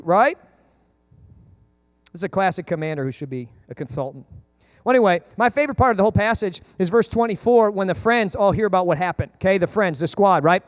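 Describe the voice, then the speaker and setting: A man delivers a sermon as a pastor, talking quickly in a high, energetic voice. He jokes and slips into comic voices for the people in his story. The sound is dry and close, with no room echo. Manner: animated, jokey, acts out biblical characters in high comic voices.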